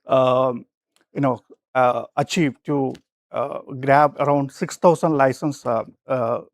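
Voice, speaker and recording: A man whose first language is not English, giving a short, hesitant business pitch full of fillers as sales and IT manager. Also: fairly even intonation, slow pace, dry recording. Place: festival lab presentation.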